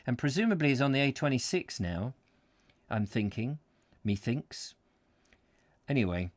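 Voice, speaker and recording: A man's voice: medium pitch, big pitch swings, moderate pace, long pauses, no echo, studio quality. A man reading a travel book aloud live, breaking off for chatty, joking asides. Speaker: host and book reader.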